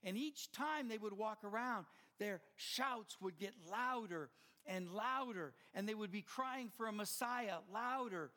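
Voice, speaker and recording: Older male pastor, high-pitched, passionate preaching style with rising builds. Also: measured pace. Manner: impassioned preaching, swelling louder at climaxes. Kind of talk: sermon.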